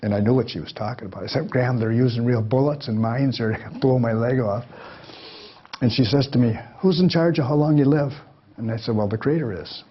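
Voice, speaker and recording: A man's voice: medium pitch, fairly even intonation, a little fast, husky, highs cut off. A man in his sixties telling folksy personal stories to a live audience, acting out the voices of the people in them. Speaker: guest speaker. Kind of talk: storytelling talk to a live audience.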